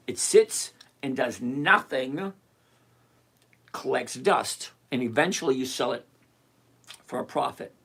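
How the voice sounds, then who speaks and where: A man's voice: fairly high pitch, slightly rough. An older retired man hosting a live stream, chatting casually and emphatically as he answers viewers by name. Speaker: livestream host answering viewer questions.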